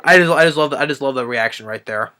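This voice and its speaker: Picture a man with a bright, forceful voice and a smooth, crisp tone, walking through a movie scene by scene. He rambles along eagerly and slips into the characters' quoted lines as he goes. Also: medium pitch, fast talker. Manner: rambling and enthusiastic, acts out quotes. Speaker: movie reviewer. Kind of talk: casual movie plot recap.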